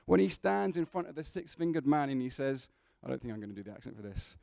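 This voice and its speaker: A man's voice: mid-range voice, sing-song, fast talker, vocal fry, darkish tone, no echo, studio quality. A man preaching a sermon in a church, conversational, with humorous asides to the congregation.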